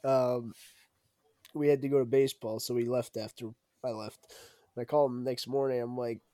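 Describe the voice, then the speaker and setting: A man's voice: medium pitch, steady tone, brisk, mellow, no room sound, studio quality. A young man in casual chat, telling a funny story with slang and swearing, laughing often.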